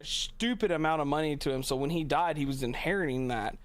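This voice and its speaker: A man's voice: on the high side, fairly quick, clear, resonant tone, no room sound. A man telling long rambling stories in casual chat as a streamer, swearing freely and laughing often.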